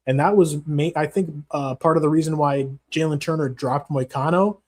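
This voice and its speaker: A man's voice: on the high side, moderate pace, a little mellow. A man hosting a casual livestream, answering chat in a profane, rambling, slangy way. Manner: profane, rambling, slangy, calls viewers bro. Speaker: MMA channel host reading live chat.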